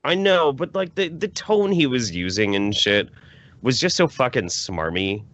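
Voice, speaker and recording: A man talking in casual podcast banter, animated and profane, sometimes bursting into loud shouting. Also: medium pitch, measured pace, no room sound. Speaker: guest.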